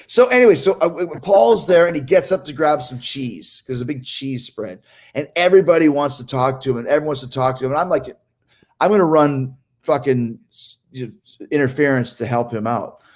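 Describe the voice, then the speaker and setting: A man casually telling a story among friends on a podcast, animated and profane, laughing often and imitating the people he talks about. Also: mid-range voice, brisk. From Canada.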